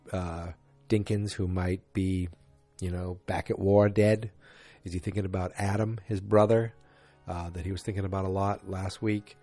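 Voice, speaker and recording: A man's voice: low-pitched, mellow. A man recapping a TV episode in casual chat, rambling with lots of fillers and voicing the characters, close on a dry mic. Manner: rambling, with many fillers and quoted voices. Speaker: show recapper.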